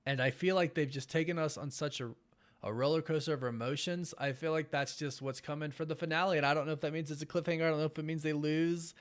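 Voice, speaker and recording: A young man sounding tired runs a late-night live watch party stream, his fairly high voice moving quickly with fairly even intonation. Casual and rambling, with lots of fillers, he warmly and enthusiastically thanks the people watching.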